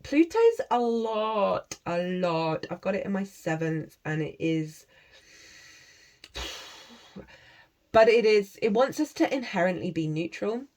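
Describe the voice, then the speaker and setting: A woman's voice: medium pitch, expressive, a little slow, pauses often, darkish tone. A woman giving a casual tarot reading to camera. She is chatty and encouraging, laughs often, and breaks into chanted made-up syllables. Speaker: tarot reader.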